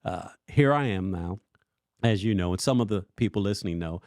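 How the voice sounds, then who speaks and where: Animated man telling a faith story. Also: low voice, a little fast, dry recording, clean studio sound. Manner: animated storytelling, acting out his own past lines. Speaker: worship pastor and podcast co-host. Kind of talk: casual faith podcast chat.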